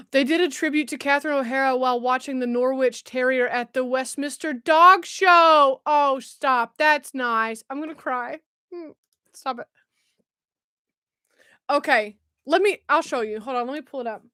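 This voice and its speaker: A woman with a high, bright voice runs a casual livestream. She chats freely, laughs often and reads comments aloud. The sound is dry and close to the mic. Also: a little slow, clean tone, no room sound. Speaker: livestream host. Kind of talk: casual live chat.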